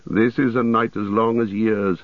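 A man voicing a weary, grave male warrior leader in a low, solemn manner, over a tinny radio-like sound. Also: level tone, a little slow, dry recording, natural voice.

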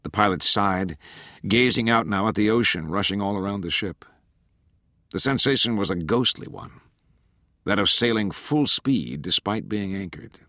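A man narrating an audiobook in a measured, steady way. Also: fairly low pitch, dry recording, clean studio sound. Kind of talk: scripted narration.

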